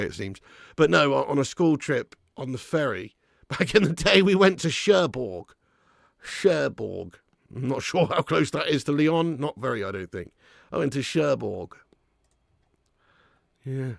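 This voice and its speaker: Man, football watch-along host, gravelly voice, dry close mic. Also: mid-range voice, no echo. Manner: chatty, laughing, banter with viewers. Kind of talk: live casual match commentary and chat.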